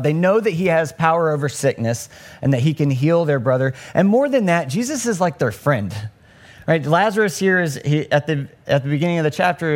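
A young man giving a casual, conversational sermon and acting out the voices in the story. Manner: conversational, acts out the story's voices with rising pitch. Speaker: preacher.

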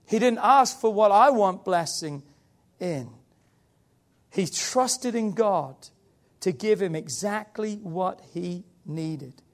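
A man delivers a sermon in a high-pitched voice. He preaches with passion and builds up to loud, emphatic peaks. Between those peaks his delivery stays earnest and direct. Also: expressive, slow pace. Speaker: pastor.

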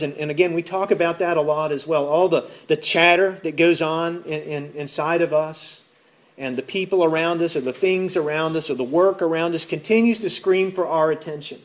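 Conversational male pastor preaching. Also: on the high side. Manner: conversational, often repeats words as he goes; acts out listeners' voices in his retelling. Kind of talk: sermon.

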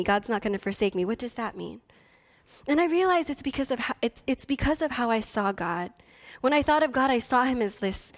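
A woman preaching a sermon, telling a personal story earnestly and building to impassioned declarations. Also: mid-range voice. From Philippines heritage. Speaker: pastor.

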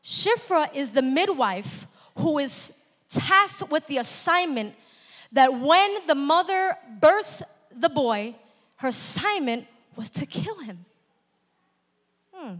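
A woman preacher giving a lively, conversational sermon and laughing often. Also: high-pitched, takes it slowly, big-room sound.

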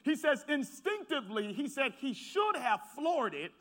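A man preaching in church with a very high, bright, ringing voice. He tells stories to the congregation in a low, casual way, then climbs into shouted, fervent preaching. He stacks repeated words as he builds toward each point. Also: sing-song, moderate pace. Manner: swings from quiet storytelling to shouted preaching; talks directly to the congregation. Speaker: pastor. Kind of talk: sermon with storytelling.

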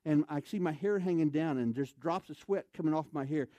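A man's voice: on the high side, brisk, warm tone, dry recording, muffled recording. A man preaching a storytelling sermon, acting out scenes and throwing questions to his audience.

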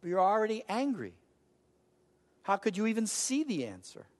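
A man's voice: high voice, sing-song, moderate pace. An older man preaching a sermon as a pastor, emphatic, with a repetitive preaching cadence. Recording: long hall reverb.

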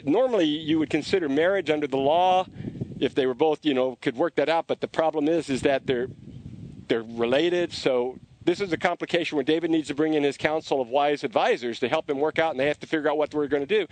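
Animated man preaching, slightly high voice. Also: fairly quick, slight background noise. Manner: animated, frequent restarts. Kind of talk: conversational sermon storytelling.

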